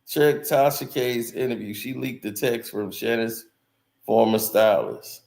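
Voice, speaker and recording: A man casually chatting with viewers on a live stream, relaxed and laughing often. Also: mid-range voice, measured pace, gravelly. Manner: laid-back, laughs often, talks to viewers directly. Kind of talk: casual chat. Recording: echoey room.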